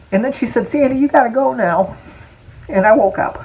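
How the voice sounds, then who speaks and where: A woman's voice: a little high, fairly quick, darkish tone, a little hiss or hum, poor audio. A woman in her sixties telling a personal story to her viewers in a chatty, rambling way, close to tears and laughing now and then. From Michigan, USA. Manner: chatty and rambling, drifting off topic with asides and laughs. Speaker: vlogger. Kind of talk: casual personal storytelling to camera.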